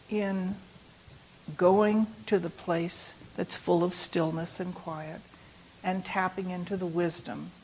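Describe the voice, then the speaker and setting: A woman reading aloud from a memoir in a calm, measured way, then reflecting on it as a meditation teacher. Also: fairly low pitch, creaky, a little hiss or hum.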